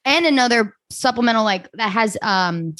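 A woman's voice: fairly high pitch, expressive, moderate pace, fairly bright tone, dry recording. Chatty woman podcast co-host, dry sound. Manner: chatty, laughs often, acts out quotes. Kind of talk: casual chat.

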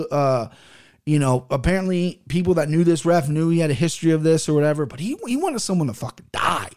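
A man talking on his own into a desk mic, in a loose, unscripted commentary style. His voice sits a little higher than most men's, and he is blunt and opinionated, cursing freely as he gives his verdicts. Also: darkish tone. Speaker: podcast host reviewing fights. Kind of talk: casual solo commentary. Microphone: headphones and desk mic.

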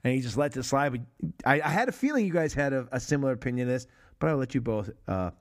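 A man hosting a casual film discussion podcast, cursing freely and jumping into quick impressions of movie dialogue. His voice sits in an ordinary middle register, and his delivery is loose and energetic. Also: mid-range voice. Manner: animated, profane, mimics movie lines. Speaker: podcast host.

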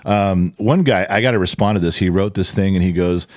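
A man in his forties co-hosting a podcast, telling family stories in a blunt, profane, animated way. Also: low-pitched, brisk, no echo, studio quality. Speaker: podcast co-host. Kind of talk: casual chat.

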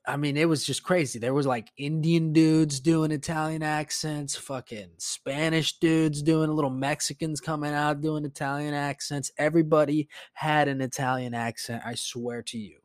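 A man with a slightly high voice hosts a podcast, rambling and swearing his way through casual chat with lots of fillers. He's a teacher, and the recording is clean studio sound with no room echo.

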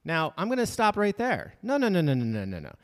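Lively-voiced male podcast co-host. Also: sits high, brisk, in a large hall. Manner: jokey, reads listener emails aloud. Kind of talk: casual chat.

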